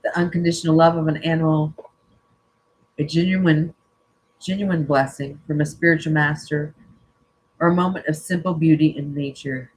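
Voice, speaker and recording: Husky-voiced spiritual coach reading slowly. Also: medium pitch, fairly even intonation, low-quality recording. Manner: slow, earnest reading broken by casual joking asides. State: teary-eyed. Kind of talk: reading an inspirational spiritual text aloud.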